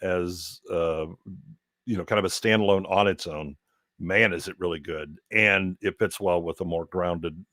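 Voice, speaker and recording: A man's voice: low-pitched, fairly even intonation, a little slow, sharp tone, no echo, studio quality. A man chatting casually as a guest, rambling with many restarts and fillers. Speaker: guest co-host. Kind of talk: casual podcast chat.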